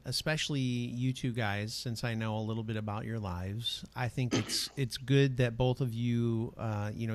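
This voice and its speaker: A man co-hosting a podcast, chatting casually with friends and tossing out joking, opinionated asides. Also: medium pitch. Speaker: podcast co-host. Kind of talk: casual chat.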